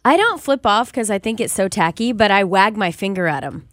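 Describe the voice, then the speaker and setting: A woman co-hosting a weekend radio show, bubbly and quick to laugh. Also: mid-range voice, animated, a bit bright, no echo, clean studio sound. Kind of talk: casual radio chat.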